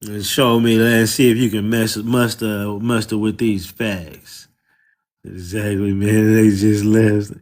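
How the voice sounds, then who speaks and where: A man's voice: on the low side, level tone, slow pace, a little mellow. A man with a Southern US accent, hosting a loose, mocking, profane livestream and talking casually. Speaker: livestream host.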